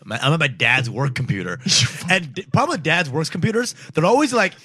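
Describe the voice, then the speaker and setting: A young man telling crude stories in casual podcast banter, animated and putting on voices as he goes. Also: on the high side, a little fast, slightly rough, no echo. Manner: animated storytelling with put-on voices and laughs. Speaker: podcast co-host.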